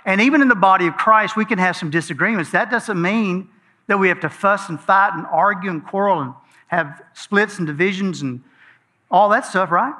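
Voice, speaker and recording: A man preaching in an easy, folksy, conversational style. His voice sits high for a man and sounds bright and ringing. He talks to the congregation as if chatting with friends. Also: normal speed. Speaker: pastor. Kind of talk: sermon.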